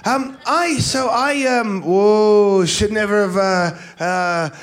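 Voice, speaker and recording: A man's voice: sits high, takes it slowly. A hungover man doing stand-up, rambling and stammering through scattered starts. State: hungover, worn voice. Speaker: stand-up comedian. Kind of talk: stand-up comedy set. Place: comedy venue stage.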